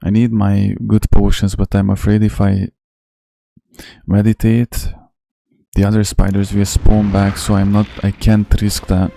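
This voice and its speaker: A man's voice: on the low side, monotone, unhurried, vocal fry, no room sound. A man hosting a casual let's-play, joking and talking to himself as he plays. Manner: joking, talks to himself while playing. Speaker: gaming channel host. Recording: game music playing loudly behind the voice. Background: game music.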